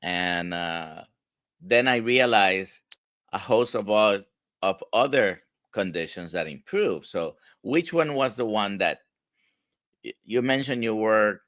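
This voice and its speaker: A man with a Spanish accent hosting a livestream interview, talking in halting bits and repeating words. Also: lowish voice, expressive, a bit bright, dry recording, clean studio sound. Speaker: host.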